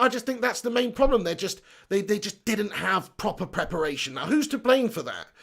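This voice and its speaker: A young man hosting a fan livestream, talking bluntly and swearing freely while joking and reading out viewers' comments. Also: high-pitched. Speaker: fan channel livestream host. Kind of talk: casual livestream chat.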